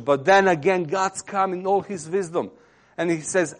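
A man's voice: sits high, moderate pace. Impassioned preacher man. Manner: impassioned, swells louder on key phrases then drops to near-whisper. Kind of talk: sermon.

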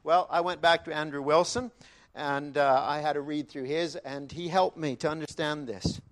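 A man preaching a sermon, emphatic, dropping to quiet repetitions and then rising loud, with chatty asides to the congregation. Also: a little high, fairly even intonation, normal speed. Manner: conversational asides.

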